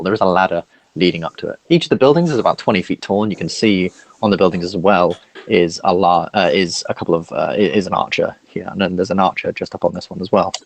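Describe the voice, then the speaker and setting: A man narrating a tabletop game as dungeon master, halting with many fillers. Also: deep voice, vocal fry, low-quality recording.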